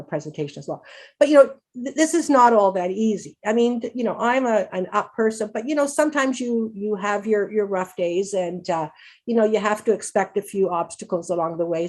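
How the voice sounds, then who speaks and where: A woman's voice: mid-range voice, darkish tone. A middle-aged woman giving an upbeat, chatty conference talk as a patient advocate, laughing often and restarting her sentences. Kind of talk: conference presentation.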